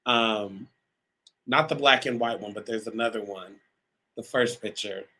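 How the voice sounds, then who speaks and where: Bright-voiced male talk show host. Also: on the low side, a little slow, low-quality recording. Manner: chatty, addresses viewers directly, many um fillers. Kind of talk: live talk show monologue.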